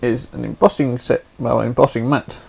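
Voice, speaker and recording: A man's voice: medium pitch, steady tone, brisk, creaky, husky. A man hosting a craft livestream, chatty and explaining things step by step. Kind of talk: casual demonstration.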